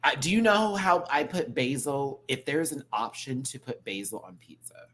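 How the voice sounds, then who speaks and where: Speaking at normal speed in a medium-pitched voice, a man runs a live stream, camping it up, reading the chat out loud and mimicking people in an animated, casual manner.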